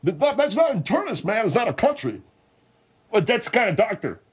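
A man playing a husky, muddled, contrary male studio sidekick who argues in circles. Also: high voice, big pitch swings, fairly quick, muffled recording, pitched above the performer's own voice, exaggerated voice.

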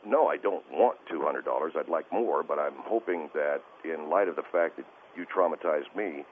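A man's voice: a bass voice, moderate pace, slight background noise. A male caller on a radio show, defensive and rambling, stammering as he talks. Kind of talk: call-in radio conversation. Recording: phone-line call audio.

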